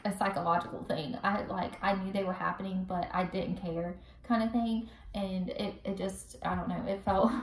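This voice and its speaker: A young woman casually telling a personal story to the camera, chatty and animated, acting out what people said. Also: mid-range voice, slight background noise. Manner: chatty, animated, acts out quotes with laughs. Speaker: vlogger telling her birth story. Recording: roomy echo, recorded from a distance.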